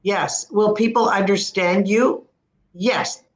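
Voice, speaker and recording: A woman with an Ontario Canadian accent explains pronunciation in an easygoing talk over a video call. Her pitch sits at a middling level for a woman. The sound is roomy, with the room's echo clearly around her voice. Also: fairly even intonation. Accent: Ontario Canadian English. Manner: warm explaining, demonstrates pronunciations slowly. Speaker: speech-language pathologist guest. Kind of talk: casual explanatory chat.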